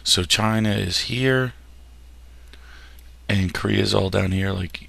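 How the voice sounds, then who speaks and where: A man's voice: lowish voice, slow, creaky, fairly bright tone, no room sound. A man teaching a history lesson over slides, casual and jokey, often tripping over words and restarting them. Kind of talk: classroom lecture over slides.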